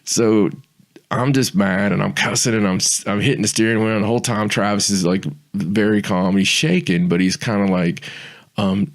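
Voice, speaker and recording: A man's voice: on the low side, fairly even intonation, moderate pace. A man hosting a podcast, telling a rambling anecdote with restarts and laughter. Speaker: podcast host.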